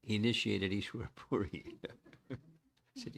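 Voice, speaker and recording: An older man giving a devotional lecture as spiritual teacher, speaking in a measured, reflective way and chanting verses slowly. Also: lowish voice, steady tone, a little hiss or hum.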